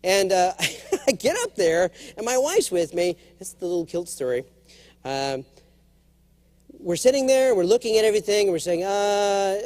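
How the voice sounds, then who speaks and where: A middle-aged man delivers a humorous motivational keynote to a big conference audience, his voice high. He's jokey and animated, sometimes dropping into character voices.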